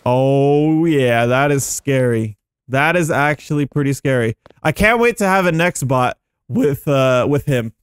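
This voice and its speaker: A man giving excitable, chatty gameplay commentary as a gaming YouTuber, thinking aloud as he goes. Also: medium pitch, unhurried, smooth, no echo, studio quality.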